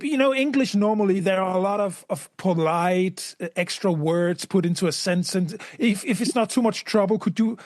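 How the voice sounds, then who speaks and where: A man co-hosting a podcast in casual conversation. His voice is high for a man and recorded dry, with no room sound. He speaks haltingly and repeats words as he searches for them. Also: dry recording. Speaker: podcast co-host. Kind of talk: casual chat. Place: lives in Europe.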